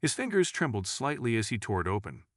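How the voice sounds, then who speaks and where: A man narrating a dramatic courtroom story in a suspenseful, measured reading. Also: mid-range voice, very animated, no echo, studio quality.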